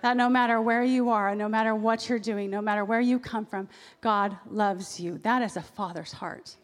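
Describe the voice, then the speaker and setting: A woman pastor with a medium-pitched voice preaches a sermon at a normal speed in a church sanctuary. She's animated and acts out quoted voices, and the large hall gives a long reverb.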